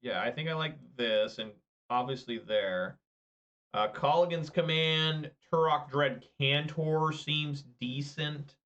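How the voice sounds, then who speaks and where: Bright, slow-talking man commentating games. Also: fairly high pitch, muffled recording. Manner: excitable, shouts and laughs at big plays, mutters through quiet turns. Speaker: gameplay commentator. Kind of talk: casual game commentary.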